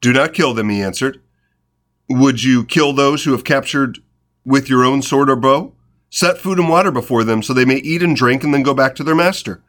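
A man reading scripture aloud in an unhurried, reflective way, pausing for short spontaneous comments and prayer. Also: medium pitch, a bit bright. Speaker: devotional Bible reader. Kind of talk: scripture reading with devotional asides.

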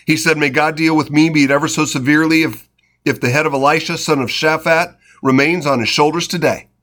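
A man reading scripture aloud in an unhurried, reflective way, pausing for short spontaneous comments and prayer. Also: on the high side, steady tone, a bit bright. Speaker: devotional Bible reader. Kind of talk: scripture reading with devotional asides.

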